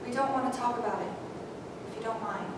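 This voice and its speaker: A woman as an eerily calm, childlike woman in her thirties who shot her father, her voice high. It is heard from far off in a reverberant hall with noise behind. It is a live stage play. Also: fast talker, lightly acted. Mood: detached. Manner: flat, childlike, eerily matter-of-fact. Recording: echoey hall, distant mic, audible noise.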